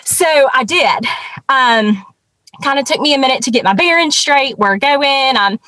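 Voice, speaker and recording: A woman's voice: sits high, unhurried, pushed and bright, no echo. Earnest woman telling a story. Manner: earnest, many ums and restarts. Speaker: guest. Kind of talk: casual conversational storytelling.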